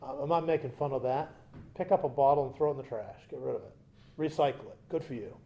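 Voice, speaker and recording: A man preaching a sermon, moving between loud emphatic points and quiet conversational asides with humorous stories. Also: mid-range voice, quick pace, vocal fry. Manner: conversational, tells humorous anecdotes. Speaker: pastor.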